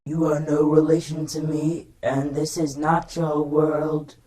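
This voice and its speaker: A man voicing a stern male robot in a slow, commanding tone. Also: on the high side, monotone, dark tone, voice pushed up, lightly acted, low-quality recording.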